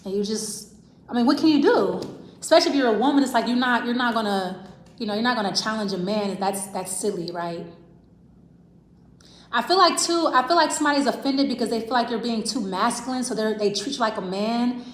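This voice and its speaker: A woman's voice: on the high side, animated, a little fast. Woman tarot reader, casual and rambling, addressing the viewer directly; roomy, reverberant sound. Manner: rambling, repeats "I feel like", talks straight to the viewer. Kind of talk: casual tarot reading to camera. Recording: roomy echo.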